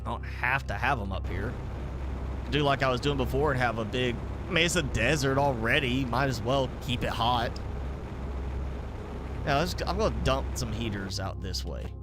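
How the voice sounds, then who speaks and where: A man's voice: medium pitch, moderate pace, music in the background. Rambling mild Southern-accented man streaming. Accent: mild Southern American. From American South. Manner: rambling, thinks aloud with many fillers. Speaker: gaming streamer. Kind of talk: casual live gameplay commentary.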